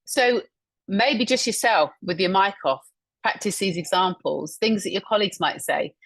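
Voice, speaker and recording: Woman, webinar trainer, breathy voice, encouraging, explains through examples, video call mic. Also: medium pitch, moderate pace, a bit bright. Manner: encouraging, explains with examples and repeats them back. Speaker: webinar presenter and communication trainer. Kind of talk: instructional webinar talk.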